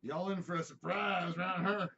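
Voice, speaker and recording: A bright, forward-sounding man hosts a podcast in loose, joking chat, dropping the odd curse word and wandering away from the topic. His voice sits a touch high for a man. The recording is dull and lo-fi. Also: fairly even intonation, moderate pace. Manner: joking, profane, drifts off topic. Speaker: podcast host. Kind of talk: casual chat.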